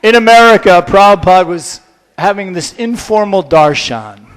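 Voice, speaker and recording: A man giving a humorous storytelling lecture, playful and animated, drawing the audience in. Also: high voice, moderate pace, clean tone.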